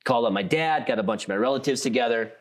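A man's voice: medium pitch, very fast. A man from South Dakota co-hosting a podcast in casual chat, rambling and laughing often. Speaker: podcast co-host.

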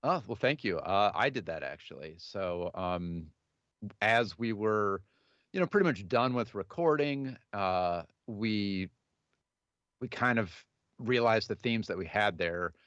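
A man in his thirties speaks in a very low voice and talks casually about his music. He hesitates often, full of fillers and restarts. The sound is dull and dry, with no room around it. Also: lively intonation, a bit bright, no room sound. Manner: halting, many fillers and restarts. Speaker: musician guest. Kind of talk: casual interview answers.

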